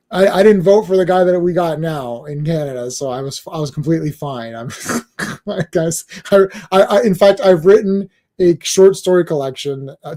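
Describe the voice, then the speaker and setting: A man's voice: fairly high pitch, mellow. A man hosting a comics podcast in casual chat, rambling along while he reads, often stammering and repeating words as he thinks aloud.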